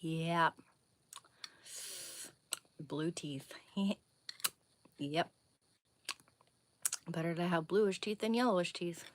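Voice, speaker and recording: A young woman chatting casually on a livestream while doing a face mask, wry and low-key. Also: drawn-out words, long pauses, slight background noise.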